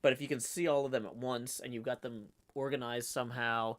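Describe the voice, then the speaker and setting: A man's voice: medium pitch, fairly even intonation, brisk. A man chatting casually on a livestream, rambling through stories with many fillers and restarts. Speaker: streamer co-host.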